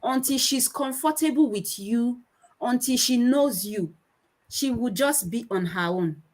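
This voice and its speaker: At a measured pace and fairly high pitch, a woman in her thirties with a Nigerian accent addresses a conference on children's speech, acting out her kids' voices in animated stories. It's a rough recording.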